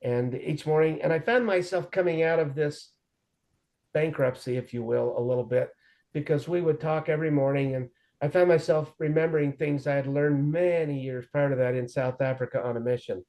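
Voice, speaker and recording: A man's voice: on the high side, normal speed, warm tone. A man in his forties telling his recovery story in an earnest, conversational way, acting out quoted dialogue as he goes. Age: 40s.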